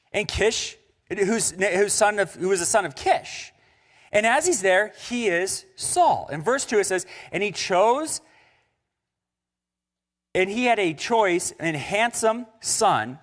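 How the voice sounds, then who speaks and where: A young man preaching a sermon in a church, conversational and joking with the congregation. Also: sits high. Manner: animated and conversational, with jokes and asides to the congregation. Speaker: pastor. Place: church sanctuary.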